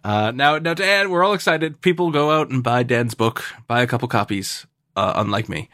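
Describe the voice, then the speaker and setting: A man hosts a casual podcast, joking and laughing easily as he talks. His voice sits at a middle pitch. The recording is dry and close. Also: moderate pace, fairly bright tone, dry recording. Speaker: podcast host. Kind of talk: casual chat.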